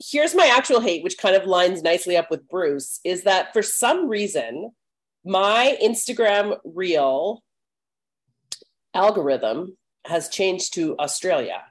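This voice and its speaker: Woman co-host, animated pitch, laughing, self-mocking, currently has covid. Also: slow. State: recovering from covid. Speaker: podcast co-host. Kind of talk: casual chat.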